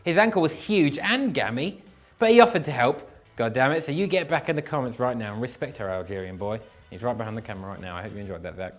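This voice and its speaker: A young man hosting a casual, comedic show that reads viewer comments, self-deprecating and given to animated bursts. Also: mid-range voice, quick pace, soft background music. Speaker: host reading viewer comments.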